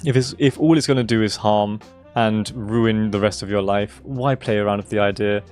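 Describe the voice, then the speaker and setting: Hoarse young man ranting on stream. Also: on the low side, fairly even intonation, moderate pace, darkish tone, soft background music. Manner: emphatic, swearing, repeating himself for stress. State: hoarse, losing his voice. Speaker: game streamer. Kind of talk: casual live-stream rant.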